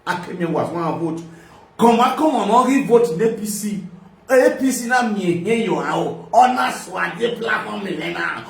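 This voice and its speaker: A man with a Nigerian accent hosting a live video, giving a loud, sing-song political rant that mixes pidgin and local languages. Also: sits high, expressive, normal speed, creaky, distant mic. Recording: echoey room.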